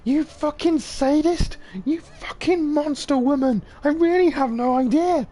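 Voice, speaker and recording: A man's voice: very high voice, unhurried, warm tone, pitched above the performer's own voice. A man voicing a terrified male informant who screams and howls frantically while being tortured in a video game read-through. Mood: shrieking. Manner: howling, frantic. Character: panicked male informant under torture, shrieking.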